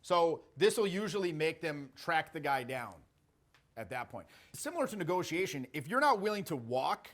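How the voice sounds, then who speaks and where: A man in his forties coaching people on social skills, with a fairly high voice for a man. He talks bluntly and jokes as he tells stories, swearing freely as he goes. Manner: blunt, profane, jokey storytelling. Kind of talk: casual coaching talk.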